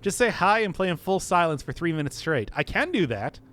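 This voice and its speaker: A man's voice: high voice, very animated, fairly quick, a bit bright. A male streamer chatting casually and playfully with his audience, laughing often. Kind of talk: casual live-stream chat.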